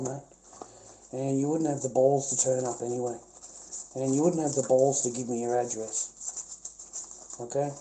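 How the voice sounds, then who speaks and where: A man with an Australian accent rants on a livestream, profane and confrontational, circling back to the same points again and again. His voice sits at an ordinary middle pitch with a dark, mellow tone. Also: slight background noise. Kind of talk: angry livestream rant.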